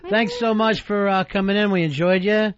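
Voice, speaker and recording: A male radio host in dry, teasing banter, his voice pitched high and set close and dry to the mic. The broadcast sounds dull and lo-fi. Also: steady tone, normal speed, no room sound.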